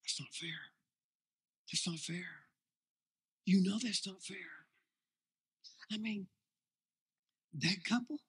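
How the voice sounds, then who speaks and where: Sly devil hissing in your ear, whispered role-play, husky and gravelly, a preacher putting it on. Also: male voice, a little high, full character voice. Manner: hushed insinuating whisper.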